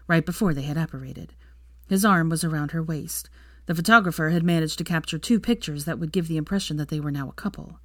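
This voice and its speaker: Woman, audiobook narrator, low voice, dry close sound, measured reading. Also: no echo. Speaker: fanfiction reader.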